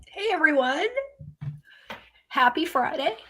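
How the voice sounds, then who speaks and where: Woman, panelist, video call, slow friendly delivery, slightly high voice. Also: animated, a bit bright, slight background noise. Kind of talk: casual chat.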